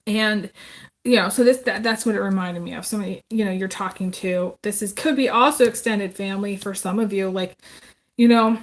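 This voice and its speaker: A woman's voice: medium pitch, a little fast. Chatty woman giving a tarot reading. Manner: rambling and chatty, many ums and restarts. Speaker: tarot reader. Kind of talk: casual live tarot reading.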